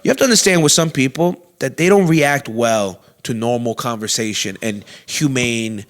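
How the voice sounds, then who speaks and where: A young adult man and comedy show host, telling a story in a loud, animated way with constant swearing and acted-out quotes. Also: medium pitch, normal speed.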